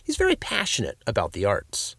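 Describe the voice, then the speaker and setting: A man's voice: medium pitch, wildly swooping pitch, brisk, gravelly, fairly bright tone, breathy edge, dry recording, clean studio sound, full character voice. A man voicing a goofy, overeager dad who plays detective, talking in a theatrical, conspiratorial way in a storybook reading.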